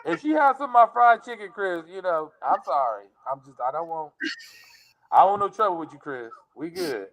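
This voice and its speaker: Comic guest, high and lively voice, joking banter. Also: male voice, brisk. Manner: animated, joking, storytelling with voices. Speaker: guest actor and comedian. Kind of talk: comedic interview banter.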